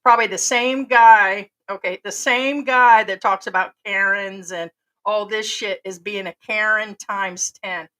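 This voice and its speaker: A woman's voice: mid-range voice, steady tone, unhurried, sharp tone, low-quality recording. An American woman giving blunt, profane, rambling commentary as an expat vlogger. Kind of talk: casual vlog commentary.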